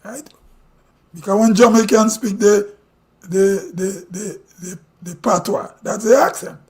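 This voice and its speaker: A man's voice: high voice, unhurried, a little mellow. A Grenadian man hosting a live stream, giving blunt, ranting commentary full of rhetorical questions. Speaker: livestream host. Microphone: streaming mic.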